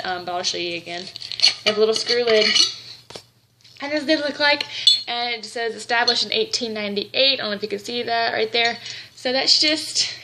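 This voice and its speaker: A woman's voice: medium pitch, very noisy. A young woman vlogging in a casual, rambling chat, gushing and a little tearful. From Southern United States.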